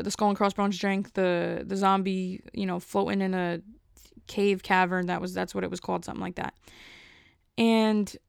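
Rambling woman with a gravelly, flat voice. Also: medium pitch, no room sound, clean studio sound. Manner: rambling, filler-heavy storytelling. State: a bit out of breath. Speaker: podcast host. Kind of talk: casual solo podcast chat.

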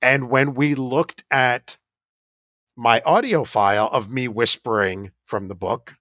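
A man's voice: medium pitch, slow, fairly bright tone, no echo, studio quality. A man who leads a paranormal investigation team, telling an anecdote in a chatty, self-deprecating way with occasional laughs. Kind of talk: casual anecdotal storytelling.

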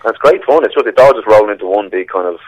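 A man's voice: on the low side, expressive, rapid-fire, no room sound, low-quality recording. A man with a Dublin Irish accent, a touring musician being interviewed, cheerful and easygoing. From Ireland. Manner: cheerful, easygoing, laughs often. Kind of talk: phone-in interview.

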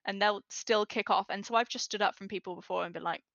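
Bright-voiced woman telling stories. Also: medium pitch, quick pace, gravelly, dry recording, muffled recording. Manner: lively storyteller who acts out quotes. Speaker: podcast guest. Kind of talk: casual chat.

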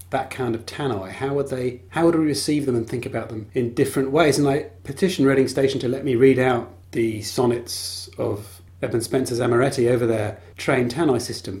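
A man hosts a podcast on his own in a casual monologue. His humour is wry and dry, and his pitch sits in the middle range. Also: a little mellow. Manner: wry, dryly humorous. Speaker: podcast host.

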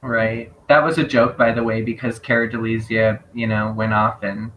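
A man co-hosting a podcast, recapping scenes in a lively way and laughing often. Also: lowish voice, normal speed, a little hiss or hum, rough recording. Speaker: podcast co-host. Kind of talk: casual chat.

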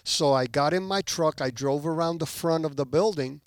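Guest from Puerto Rico, a man with a fairly high voice, tells stories animatedly. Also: moderate pace, no room sound, clean studio sound. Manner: animated, acts out quoted people. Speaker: podcast guest. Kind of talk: testimony storytelling.

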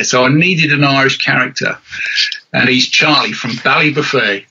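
A man's voice: mid-range voice, normal speed, muffled recording, slight background noise. A middle-aged man, a rally commentator and author, telling self-deprecating stories in a chatty interview. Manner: animated storyteller, self-deprecating.

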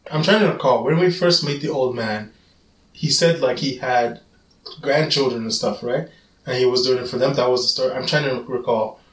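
A man co-hosting a podcast, giving quick, animated, rambling opinions in casual chat. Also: medium pitch. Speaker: podcast co-host. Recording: roomy sound, mic at a distance.

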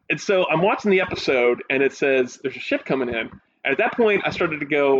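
A man's voice: medium pitch, fast talker. A man in casual chat, eagerly recounting a show he loved. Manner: excited, animated recounting of a show. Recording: dull audio with faint hiss.

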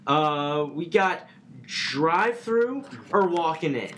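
A man's voice: on the high side, lively intonation, takes it slowly, a bit bright, slight background noise. A man co-hosting a podcast in casual chat, easygoing and agreeable, talking loosely. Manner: easygoing, agreeable, lots of fillers like "like" and "you know". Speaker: podcast co-host.

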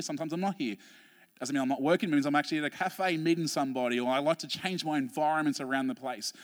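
An Australian man, a pastor, preaching a sermon through animated, humorous personal stories, often restarting his sentences. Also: medium pitch, big-room sound.

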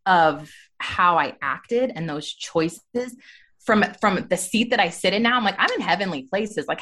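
A woman in her thirties, a podcast guest candidly telling her personal story with lots of "like" and "you know". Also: mid-range voice. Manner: candid, animated storytelling with frequent "like". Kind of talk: personal testimony in a faith podcast interview.

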